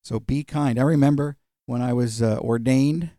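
Mellow-voiced male preacher, dry sound. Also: mid-range voice, fairly even intonation, moderate pace, no echo. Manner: conversational storytelling, many fillers. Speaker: pastor. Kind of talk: sermon.

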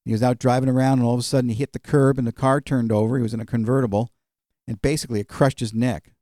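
A male pastor delivers a sermon in an easygoing, storytelling manner, often pausing on fillers. His voice is warm and mellow, in a medium register. The sound is dry, with no room reverb. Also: medium pitch, flat delivery. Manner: conversational storytelling, many fillers.

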